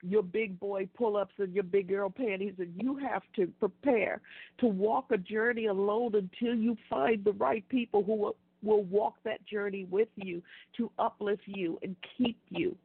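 Female radio host, grieving and halting, gravelly voice, dry phone-quality sound. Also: medium pitch, steady tone, no room sound. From United States. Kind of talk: tribute radio show. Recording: tinny phone-like line, dry.

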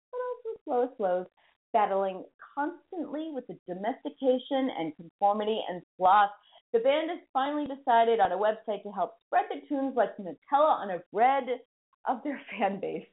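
Woman radio host with a Boston accent, lively pitch, self-mocking and chatty, phone-line sound. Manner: chatty, self-mocking, spells names aloud. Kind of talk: casual radio presenting.

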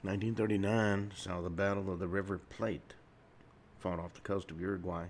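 A very deep, gravelly male voice, hosting a solo radio talk show from a studio. He rambles along with frequent pauses and restarts. A faint hiss of noise sits under the voice. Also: flat delivery.

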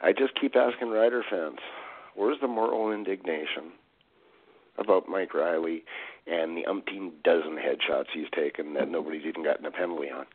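Deep voiced caller guy, dry teasing chat, phone line sound. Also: steady tone, normal speed, slightly rough. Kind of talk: casual sports chat.

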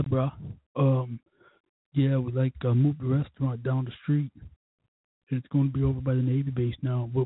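A man's voice: mid-range voice, husky, no echo. Profane, tipsy man on a tinny line. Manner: profane, rambling, tipsy storytelling. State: tipsy from drinking. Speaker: podcast host. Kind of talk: casual rambling monologue. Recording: tinny phone-like recording.

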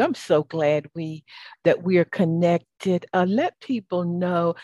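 A woman's voice: on the low side, takes it slowly, no echo. A woman with a Southern US accent hosting an interview, affirming her guest with faith-tinged phrasing. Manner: warm, affirming, churchy phrasing. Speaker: podcast host.

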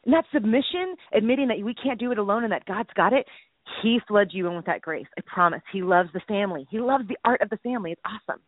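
A woman's voice: medium pitch, fast, no room sound. A woman co-host chats in a loose, joking, rambling way, her voice swinging up and down a lot. She sounds thin and tinny, like she is on a phone line, with no room sound at all. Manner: animated, jokey, rambling. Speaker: podcast co-host. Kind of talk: casual faith chat. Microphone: phone call.

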